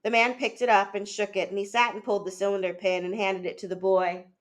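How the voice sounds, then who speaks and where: A teacher reading a novel aloud in a measured, steady way, with a few small fillers and restarts. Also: female voice, medium pitch.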